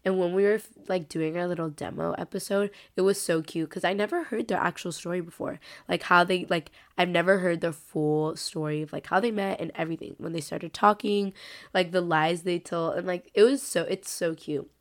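A woman's voice: on the low side, steady tone, normal speed. A young woman in her late teens, hosting her own podcast alone, chatting casually and rambling with lots of filler words while she is sick. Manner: rambling, heavy use of "like" fillers. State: sick, congested voice. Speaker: podcast host. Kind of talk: casual solo podcast chat.

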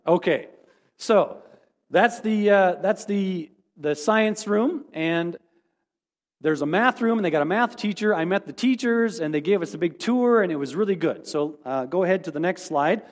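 A man's voice: high voice, expressive, moderate pace. A man as pastor, giving a casual, rambling, self-deprecating sermon report. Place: church sanctuary. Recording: long hall reverb.

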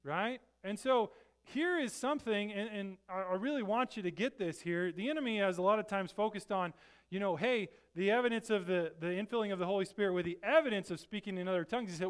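Man, pastor, sermon, conversational slangy delivery, rising emphatic bursts, high-pitched voice. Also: fast, clear, resonant tone. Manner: conversational, emphatic preaching with sudden loud bursts; casual slang, rhetorical "right?" asides.

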